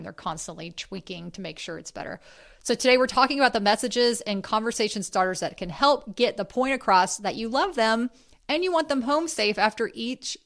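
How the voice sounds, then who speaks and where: A woman hosting a podcast, talking in an earnest, chatty way with friendly asides. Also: mid-range voice. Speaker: podcast host. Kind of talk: casual podcast talk.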